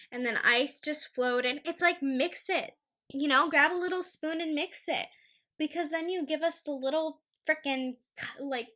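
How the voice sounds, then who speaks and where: A woman's voice: high-pitched, bright, forceful tone. A young woman hosting a casual solo podcast, ranting in an exasperated, emphatic way. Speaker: podcast host.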